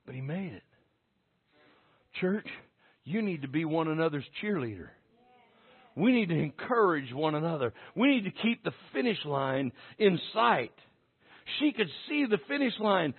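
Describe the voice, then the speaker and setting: A man preaching a sermon to his church with passion, dropping to a hush and then rising to a shout. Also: sits high, lively intonation, moderate pace, husky. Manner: impassioned, swinging from hushed to shouting. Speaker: pastor. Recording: tinny phone-like sound.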